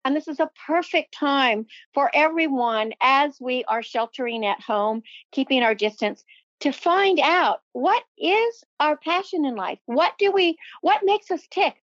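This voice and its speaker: A woman with a bright, high voice gives an eager, motivational interview from her home library. The sound is close and dry with no room around it. The line is a little muffled and lo-fi. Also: lively intonation, unhurried, no echo. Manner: effusive and upbeat, motivational. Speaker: podcast guest, motivational speaker. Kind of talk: enthusiastic interview talk. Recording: dull, lo-fi sound.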